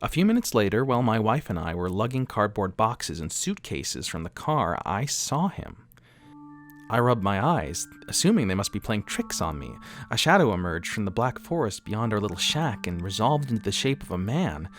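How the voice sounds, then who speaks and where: A man's voice: on the low side, big pitch swings, normal speed, faint music behind. A man narrating a first-person horror story in a dramatic, wry scripted telling.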